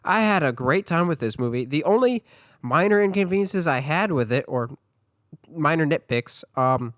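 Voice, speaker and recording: A man's voice: on the high side, animated, moderate pace, fairly bright tone, no room sound. Congested man hosting a movie podcast. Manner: chatty, enthusiastic movie fan. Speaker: podcast host. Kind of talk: casual solo podcast talk.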